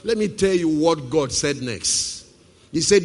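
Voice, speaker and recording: A man preaching a sermon, who puts questions to the congregation and swings from forceful to hushed. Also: a little high, lively intonation, a little slow. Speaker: pastor. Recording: reverberant hall.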